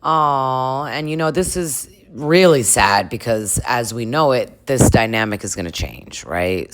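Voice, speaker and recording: Chatty low-voiced woman recapping TV. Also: expressive, measured pace, few pauses. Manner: chatty and crude, laughs a lot, puts on voices for cast members. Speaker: recap vlogger. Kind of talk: casual reality TV recap.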